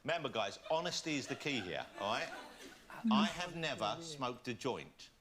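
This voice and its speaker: A man's voice: mid-range voice, sing-song, normal speed, crowd noise. A man hosting a chat show in a TV studio, playful and teasing as he interviews guests. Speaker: talk show host. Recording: studio audience and noise.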